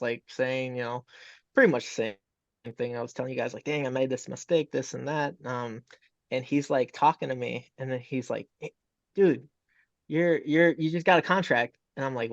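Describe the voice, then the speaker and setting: A man's voice: medium pitch, steady tone, moderate pace, dry recording. A young man, a fighter, chatting casually in an interview over a video call, rambling with lots of fillers and retold dialogue. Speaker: MMA fighter guest. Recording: dull, dry video call audio.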